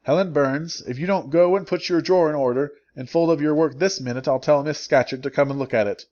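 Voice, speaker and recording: Man voicing a rough, bossy older schoolgirl in a storybook reading; loud and scolding, slightly dull lo-fi sound. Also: fairly high pitch, a little fast, lightly acted.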